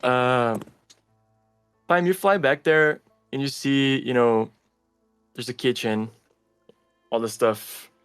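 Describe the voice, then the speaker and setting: A man running a tabletop game as game master, describing scenes in a halting way with many fillers. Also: mid-range voice, lively intonation, fairly bright tone, smooth, soft background music.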